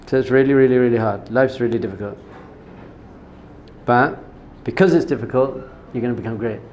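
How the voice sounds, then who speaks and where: A rabbi giving an informal Torah lesson, talking conversationally, repeating words for emphasis and telling personal stories. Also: male voice, medium pitch, fairly quick, darkish tone, slight background noise. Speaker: rabbi teaching a class.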